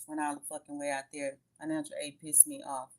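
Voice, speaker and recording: A woman's voice: deep voice, little pitch movement, brisk. A woman hosting her tarot channel, chatting casually on a livestream and telling a story in frank, profane speech.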